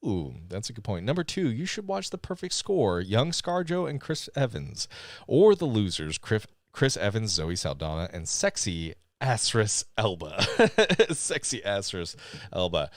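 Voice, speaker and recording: A man co-hosting a live podcast in casual chat, animated and laughing often as he reads listener comments aloud. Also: fairly low pitch, measured pace, no echo. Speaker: podcast co-host.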